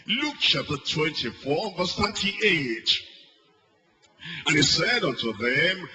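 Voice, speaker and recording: A man preaching a sermon, repeating phrases and swinging between loud and soft. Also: medium pitch, a little slow, rough recording.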